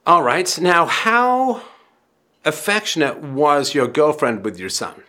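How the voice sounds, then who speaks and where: A man hosting a call-in advice show, talking in an animated, dramatic way and acting out scenes to make his point. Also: on the high side, takes it slowly. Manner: animated, dramatic, acts out scenarios.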